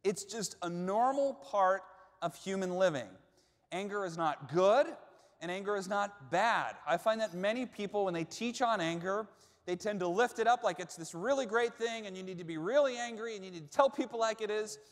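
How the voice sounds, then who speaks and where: Male pastor, high voice, animated storyteller, reverberant church hall. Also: normal speed. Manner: animated storyteller, acts out shouts and quotes. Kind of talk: sermon with personal story. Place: church auditorium. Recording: long reverb of a large hall.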